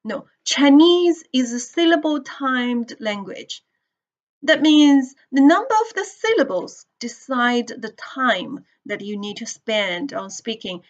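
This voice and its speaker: A woman teaching English pronunciation to a class, explaining slowly and checking in with students as she goes. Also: a little high, highs cut off. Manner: slow, deliberate explaining with questions to the class. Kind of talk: classroom lecture.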